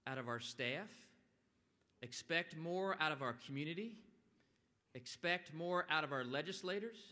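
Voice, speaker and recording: A man giving a motivational speech at a public event, animated and now and then bursting into loud quoted lines. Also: on the high side. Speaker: event speaker. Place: large stone atrium. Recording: long echo of a large hall.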